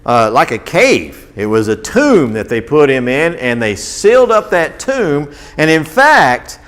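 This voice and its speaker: A man with a drawl tells a Bible story to a room of children. His voice is lively and bouncy, swinging up and down as he keeps asking the kids questions. He sits a little high for a man. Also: measured pace. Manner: animated, asks children questions. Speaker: children's Bible class teacher.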